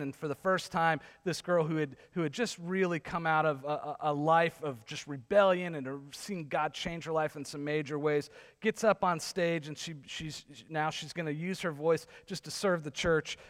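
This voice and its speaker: A man's voice: fairly high pitch, steady tone, moderate pace, hardly any pauses, fairly bright tone, long reverb tail. A male pastor preaching a sermon, telling a story that builds to sarcastic intensity.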